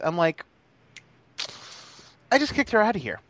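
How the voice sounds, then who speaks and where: A man's voice: high-pitched, big pitch swings, unhurried, fairly bright tone. A young man on a casual podcast, telling a story with lots of stammered restarts and swearing. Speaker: podcast co-host.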